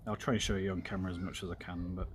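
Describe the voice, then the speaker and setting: A man's voice: sits low, level tone, rapid-fire, noisy background. A man casually talking viewers through a paracord weave while working, rambling with lots of ums and side chat about games. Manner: rambling, filler-heavy, talks while working with his hands. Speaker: streamer. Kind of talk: casual craft tutorial chat.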